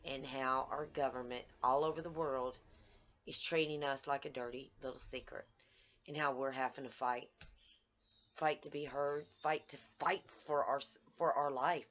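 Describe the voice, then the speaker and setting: Woman, low voice, slow outraged video-diary rant, dull lo-fi audio. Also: fairly even intonation, fairly bright tone. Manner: angry, outraged, halting with restarts. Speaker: vlogger.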